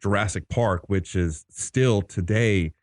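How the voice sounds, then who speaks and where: Low-voiced man musing on a podcast. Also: slow pace, no echo, studio quality. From American South. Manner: musing, speculative, many fillers. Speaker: podcast co-host. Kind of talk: casual chat.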